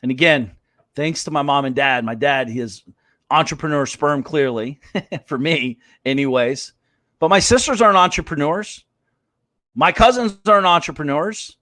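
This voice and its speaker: A man's voice: a little high, normal speed, bright, forceful tone, no room sound, clean studio sound. A man hosting a live business show, ranting bluntly and swearing as he acts out voices of others. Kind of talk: fired-up motivational rant.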